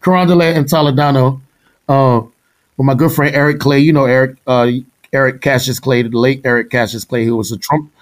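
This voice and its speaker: A middle-aged man from Houston, a drummer, telling stories in a casual interview. He talks in an animated way, laughs often and imitates the people he quotes. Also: mid-range voice, fairly quick. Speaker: guest musician, drummer.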